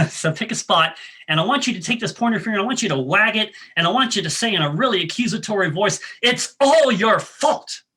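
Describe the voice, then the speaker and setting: This workshop leader talks fast in a high, expressive voice with a sharp, slightly rough edge. Friendly and coaching, he guides the audience step by step through a breathing exercise and talk, with frequent ums and restarts.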